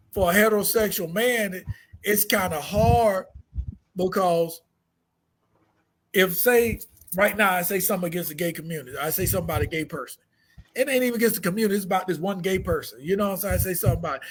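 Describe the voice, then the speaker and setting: Male comedian co-host, raspy high voice, profane and laughing, casual podcast banter. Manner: blunt, profane, laughs often.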